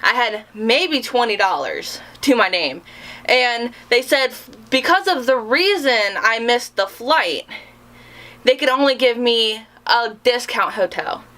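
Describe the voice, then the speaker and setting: Young female vlogger, storyteller type; bright, slightly high voice, animated, self-deprecating humor. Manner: animated, dramatic storytelling with self-mocking sarcasm. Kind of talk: storytime vlog.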